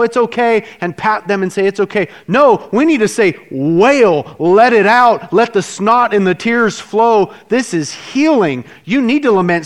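High-voiced emotive male preacher. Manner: emotive, conversational preaching with big swings from loud to hushed. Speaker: pastor. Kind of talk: sermon.

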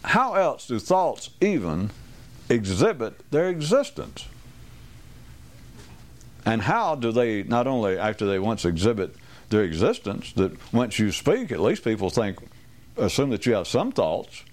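A man's voice: medium pitch, sing-song, a little slow. A man giving a rambling, wry talk to a small group, restarting sentences and acting out quoted voices.

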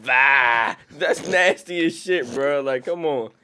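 Male co-host, mid-pitched everyday voice, blunt crude jokes. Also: slow, sharp tone, slight background noise. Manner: laughing, blunt and joking. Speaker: podcast co-host. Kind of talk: crude casual banter.

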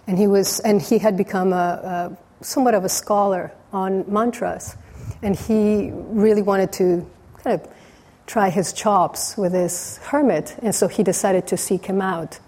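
A woman teacher giving a dharma talk, telling a story in a relaxed way with frequent restarts. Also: medium pitch, a little slow.

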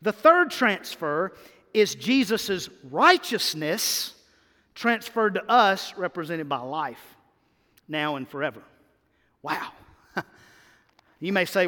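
A man delivers a sermon with a high-pitched voice that climbs to emphatic peaks and settles into quieter stretches. His words trail into the long reverb of a large hall. He speaks as a pastor to his congregation. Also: slow, pauses often. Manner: energetic preaching, rising to emphatic peaks and dropping to quiet asides.

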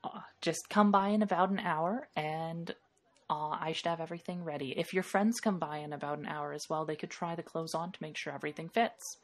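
A helpful, chatty shopkeeper woman, voiced by a woman running the game, with a slightly low voice. She rambles through her advice with plenty of fillers. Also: brisk. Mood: friendly.

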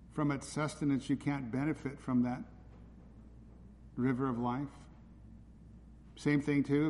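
A man with a mid-range, slightly mellow voice preaches in a church hall, urgently pleading with his listeners. The recording carries hall reverb and faint background noise.

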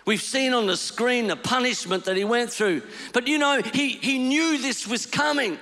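A man preaching a storytelling sermon, swinging between hushed lines and shouted ones. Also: very high-pitched, moderate pace, few pauses, in a large hall.

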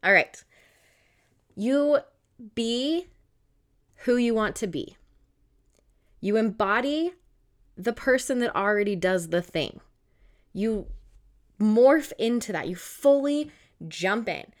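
A woman, a mother in her thirties, giving casual motivational talk to camera and acting out her own inner voice in a chatty, animated way. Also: a little high, takes it slowly, pauses often. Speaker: mindset vlogger.

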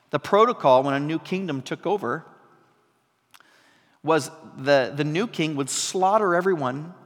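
A pastor preaching a sermon in a conversational style, asking the congregation questions and building to emphatic peaks. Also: male voice, high voice, a bit bright. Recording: long hall reverb.

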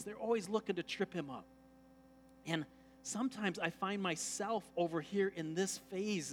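A pastor talks to his congregation like friends, cracking jokes and acting out the voices of the people in his stories. His voice sits a little high for a man. A faint hum runs under the recording. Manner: conversational, jokey, acts out quoted voices. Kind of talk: sermon. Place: church sanctuary.

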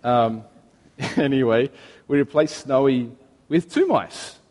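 A man in his thirties preaching a sermon as pastor, telling stories in a chatty way with gentle humor. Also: medium pitch, slow pace, big-room sound. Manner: conversational storytelling with gentle humor.

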